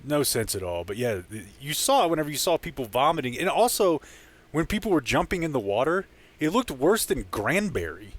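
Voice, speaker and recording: A man's voice: fairly high pitch, very animated, brisk. Wry, jokey man co-hosting. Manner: wry, jokey, laughs at his own bits. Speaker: podcast co-host. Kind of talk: casual comedic chat.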